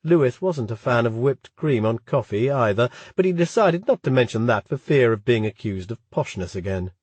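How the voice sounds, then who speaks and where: Brief: male audiobook reader, husky, steady, close and dry. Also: medium pitch, moderate pace, dry recording. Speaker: audiobook narrator. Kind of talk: scripted narration.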